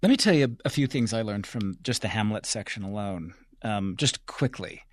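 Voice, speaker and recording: A man hosting a public radio interview, measured and easy, asking long framing questions. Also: fairly low pitch, animated, dry recording. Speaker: radio host.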